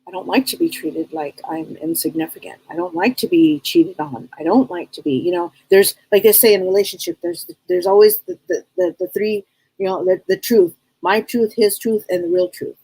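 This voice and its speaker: A woman's voice: on the low side, normal speed, warm tone, husky, dry recording, low-quality recording. A middle-aged woman hosting a live psychic advice stream, talking bluntly and casually, repeating herself and firing off rhetorical questions. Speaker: psychic reader and show host.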